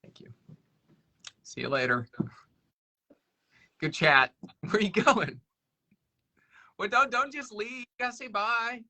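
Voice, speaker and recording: Bright-voiced male radio host. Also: sits high, big pitch swings, takes it slowly, long pauses. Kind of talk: casual radio chat.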